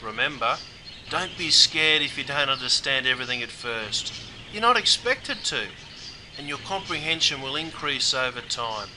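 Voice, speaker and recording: A man's voice: medium pitch, animated, moderate pace, noisy background. A man with an Australian accent guiding learners through a language course in scripted narration, slangy and matey. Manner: slangy, matey, keeps saying mate. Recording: music bed under the voice. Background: music.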